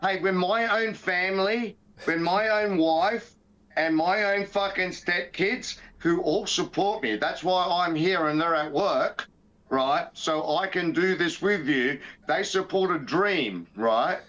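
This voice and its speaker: Outspoken Australian man, high-pitched. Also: slow pace, dull audio. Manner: outspoken, profane, animated. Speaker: podcast co-host. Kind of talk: casual podcast banter.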